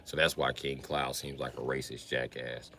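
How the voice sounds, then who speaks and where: A man's voice: a bass voice, little pitch movement, normal speed, sharp tone, a little hiss or hum. A man ranting casually on a livestream, with profane, slangy, streetwise storytelling.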